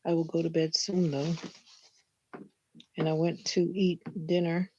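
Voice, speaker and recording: A woman's voice: fairly low pitch, level tone, unhurried, a little mellow, slightly rough, no echo. A woman hosting a casual livestream, chatting with viewers and greeting them by name, her voice a bit stuffy as if catching a cold. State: slightly stuffy, sounding like a cold. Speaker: livestream host. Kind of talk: casual live chat with viewers. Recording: dull lo-fi stream audio with faint noise.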